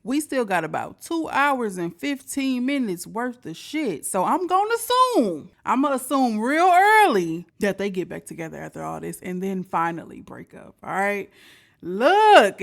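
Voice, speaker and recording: A woman's voice: medium pitch, gravelly. A woman host commenting casually on a storytime clip and chatting to viewers. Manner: chatty, teasing asides to viewers. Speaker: reaction channel host.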